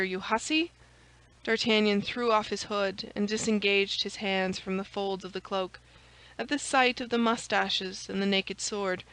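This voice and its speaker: A woman reading a classic novel aloud as an audiobook narrator, in a steady, measured manner. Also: medium pitch, rough recording. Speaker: audiobook reader. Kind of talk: scripted narration.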